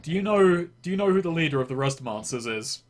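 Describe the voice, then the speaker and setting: A man's voice: a little high, expressive, fast talker, slight background noise. A man running a tabletop game as game master, describing scenes in a loose, rambling way and often restarting his phrases.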